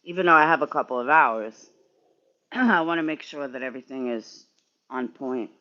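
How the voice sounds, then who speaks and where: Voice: medium pitch, animated, moderate pace, dull audio. A sleepy, yawning streamer rambling and swearing in casual chat with viewers while working in a garage. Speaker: livestreamer.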